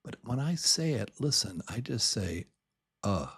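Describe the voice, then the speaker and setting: An older man teaching English pronunciation to beginners, repeating each word many times and stretching his pitch up and down to show the stressed syllable. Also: sing-song, moderate pace, slightly rough. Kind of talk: slow, deliberate pronunciation lesson.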